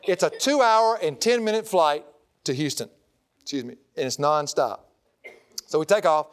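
A middle-aged man preaching, telling a folksy, animated story to an audience. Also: a little high. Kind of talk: humorous sermon storytelling.

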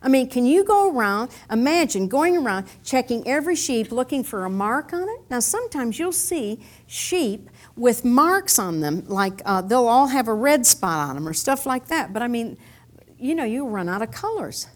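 An animated woman teaches a Bible lesson with props, her high voice swooping widely as she acts out scenes. She keeps it playful with chuckling asides. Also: normal speed.

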